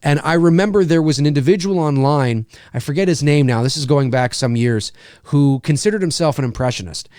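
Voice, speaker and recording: A man's voice: fairly high pitch, fairly quick, a little mellow, smooth, no echo, clean studio sound. A man hosting his own show as a voice actor, talking in a rambling, candid way and often restarting his sentences. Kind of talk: casual livestream talk.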